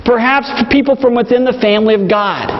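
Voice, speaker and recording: A man's voice: extremely high pitch, a little fast, a little hiss or hum. A male pastor preaching a sermon, earnest, driving points home with repetition. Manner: earnest, storytelling with emphatic repetition. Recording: dull lo-fi recording with long hall reverb.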